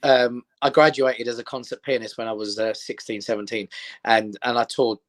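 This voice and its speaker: A middle-aged English comedian, appearing as a guest, tells animated stories in casual chat at normal speed with a medium-pitched voice. He acts out the people in them, voicing their quotes.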